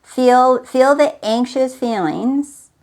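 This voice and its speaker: A woman with a slightly high voice hosts a spiritual motivational talk. She speaks to the listener directly, insistent and repetitive, pressing each point home. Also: slow pace, darkish tone. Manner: emphatic, repetitive and coaxing, addressing the listener directly. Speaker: host.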